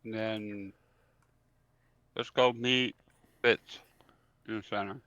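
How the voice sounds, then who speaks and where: Bright-voiced male player, dry dull mic. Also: on the low side, steady tone, slow, no echo. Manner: eager, thinking aloud. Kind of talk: casual tabletop play.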